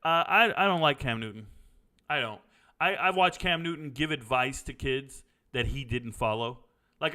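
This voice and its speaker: Bright-voiced blunt man hosting Q&A. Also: medium pitch, moderate pace. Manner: blunt, opinionated, drifts into stories. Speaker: sports commentary host answering viewer questions. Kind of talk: casual live Q&A chat.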